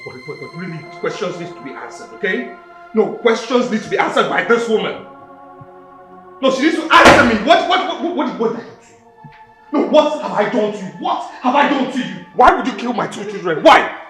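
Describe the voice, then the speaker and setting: A man with a Nigerian accent playing a grieving, furious husband who shouts and stammers with rage. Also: high voice, big pitch swings, fairly quick. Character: grieving furious husband accusing his wife. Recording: echoey room with film music.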